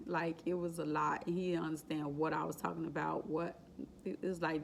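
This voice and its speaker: A woman's voice: low-pitched, little pitch movement, fairly quick, vocal fry, slight background noise. A woman vlogger telling an emotional, faith-filled personal story in a casual, repetitive way. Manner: exclaims and laughs while retelling. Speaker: vlogger sharing her exam story.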